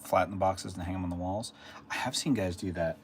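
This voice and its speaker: Low-voiced man chatting on a live stream. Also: fairly even intonation, fast talker, a little hiss or hum. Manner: rambling and chatty, reading out and answering chat. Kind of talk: casual live-stream chat with viewers.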